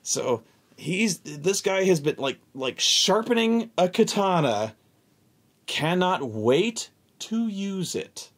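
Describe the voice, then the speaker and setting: Male host, husky, drawn-out unhurried delivery, animated rant about a gaming table. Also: high-pitched. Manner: animated, profane, exasperated, repeats words. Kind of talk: casual storytelling rant.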